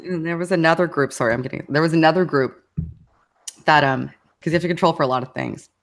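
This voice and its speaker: A woman's voice: low-pitched, fast. A woman as an interview guest, talking casually in a rambling way with fillers, restarts and frequent laughs. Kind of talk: casual conversation.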